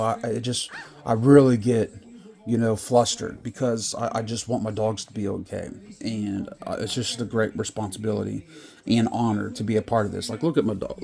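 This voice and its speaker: A man's voice: medium pitch, a little mellow. A man who breeds French Bulldogs, talking in a rambling, casual vlog with many restarts.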